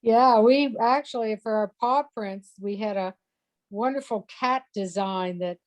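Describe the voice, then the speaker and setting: A woman hosting a casual interview, speaking softly and haltingly with many pauses and restarts. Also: mid-range voice. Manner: halting, many fillers and restarts, soft-spoken.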